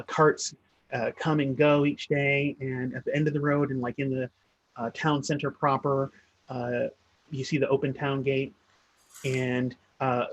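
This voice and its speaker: A man's voice: medium pitch, no echo, lo-fi sound. A man narrating a tabletop game as game master, in a meandering, hesitant way.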